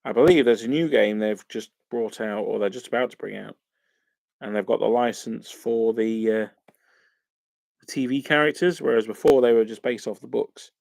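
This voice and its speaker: Chatty man with a gravelly voice. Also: medium pitch, normal speed, a little mellow, no room sound. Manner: rambling and chatty, many fillers. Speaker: wargaming channel host. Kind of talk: casual live-stream chat while painting miniatures.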